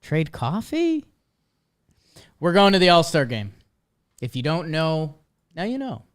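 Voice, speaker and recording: A man co-hosting a casual baseball chat show, relaxed and easygoing, dropping in sponsor plugs. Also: fairly high pitch, measured pace, smooth. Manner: laid-back, reads sponsor plugs casually. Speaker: podcast co-host.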